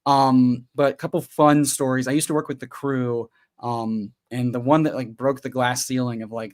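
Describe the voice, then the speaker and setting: A man guesting on a podcast, telling stories in an animated, joking way. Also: mid-range voice, moderate pace. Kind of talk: casual comedic chat.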